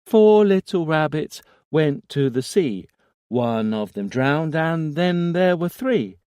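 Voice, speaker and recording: A man's voice: on the high side, sing-song, warm tone, smooth, no room sound, clean studio sound, voice pushed up. An eerie little boy's chant. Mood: eerie sing-song. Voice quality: small, childlike voice. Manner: sing-song, reciting without pause. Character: small boy chanting an eerie nursery rhyme. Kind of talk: audiobook character voice.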